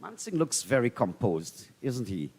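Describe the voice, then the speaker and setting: A man's voice: mid-range voice, very animated, unhurried, creaky, darkish tone, long reverb tail. A man giving live cricket commentary with easygoing, conversational analysis of the play.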